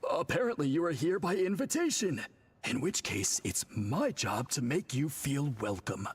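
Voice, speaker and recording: A man voicing a polite, formal tribal priest in a video game, courteous and measured. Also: on the high side, big pitch swings, husky, full character voice. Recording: game audio with faint music.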